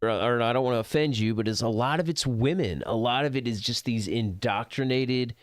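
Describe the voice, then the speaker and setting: Male streamer, middle-aged, profane rambling talk, smooth voice, dry close mic. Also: medium pitch, fairly quick, no echo. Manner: profane, rambling, gets heated. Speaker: gaming streamer. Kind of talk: casual rant over gameplay.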